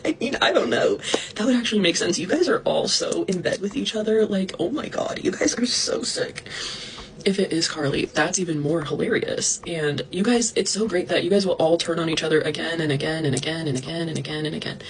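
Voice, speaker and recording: Young woman going off on a rant, talks fast, swears a lot, faint hiss behind her. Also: low-quality recording. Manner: indignant, fast-talking, swearing, mimicking others in high voices. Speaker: livestreamer venting about online drama. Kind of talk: ranting monologue to followers.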